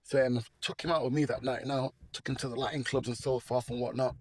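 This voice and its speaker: A middle-aged Englishman with a Manchester accent tells his life story as a guest, rambling along with slang and acting out the voices of the people in it. His voice is medium-pitched and a little mellow, with a steady tone and a quick pace. It's personal testimony storytelling.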